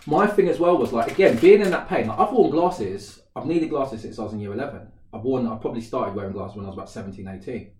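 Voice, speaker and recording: Talking quickly with hardly any pauses, a thirties-aged man tells a story in casual conversation, performing the quoted lines and laughing often. His voice is mid-range, and the recording sounds roomy, with the mic set back a little.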